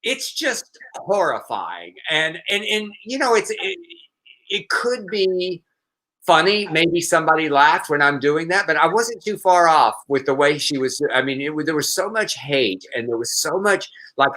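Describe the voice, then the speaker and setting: A man co-hosting a talk show, telling a news story in an animated, gossipy way. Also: fairly high pitch, measured pace, rough recording. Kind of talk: casual news chat.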